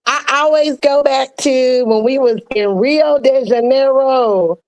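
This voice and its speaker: Woman, higher voice, podcast guest, colloquial, expressive storyteller, video call. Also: slow, no room sound, low-quality recording. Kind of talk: casual reflective chat.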